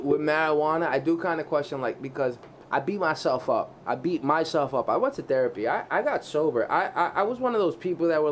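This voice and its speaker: A man's voice: a little high, a little hiss or hum. A man in casual podcast chat, telling stories in a rambling, profane way with many restarts.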